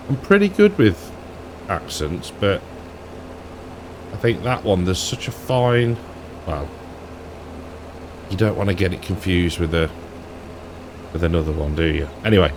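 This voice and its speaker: A man's voice: fairly low pitch, slight background noise. A man giving casual, rambling commentary over a farming game, thinking aloud and chuckling now and then. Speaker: gaming YouTuber.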